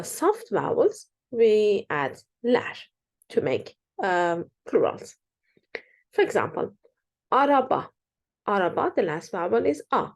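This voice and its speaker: A woman teaching an online language lesson, explaining slowly, with fillers and self-corrections, and repeating example words with emphasis. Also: on the low side, a little mellow. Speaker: Turkish teacher.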